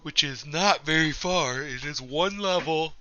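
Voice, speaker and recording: A man's voice: fairly high pitch, a little slow, sharp tone, highs cut off. A man streaming a game, chatting casually and swearing freely as he explains his setup at length. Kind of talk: casual gameplay chat.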